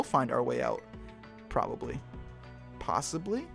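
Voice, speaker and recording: A man's voice: on the high side, expressive, moderate pace, vocal fry, faint music behind. A man hosting a let's play, giving casual gameplay commentary in a chatty, joking manner and swearing freely.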